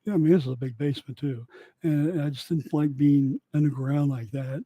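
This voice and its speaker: A man's voice: a little high, steady tone, fairly quick, mellow, dry recording. A man telling a personal story in a casual, rambling way that drifts off into side thoughts. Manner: rambling, digressive.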